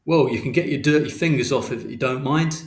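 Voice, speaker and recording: A man's voice: medium pitch, a little fast, lightly acted. A man voicing a curt, impatient male shopkeeper, in a roomy-sounding audiobook recording. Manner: curt, brusque slangy retorts. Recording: roomy echo.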